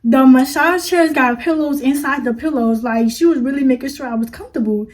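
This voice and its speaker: A woman's voice: high-pitched, fairly quick. A young woman telling a story to her viewers in a casual, chatty way, full of slang and fillers. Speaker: vlogger.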